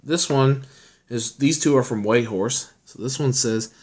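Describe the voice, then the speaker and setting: A man's voice: medium pitch, a little slow, a little mellow. Rambling young man, casual vlog chat. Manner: rambling, filler-heavy, chatty storytelling. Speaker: vlogger. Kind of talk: casual chat showing his collection.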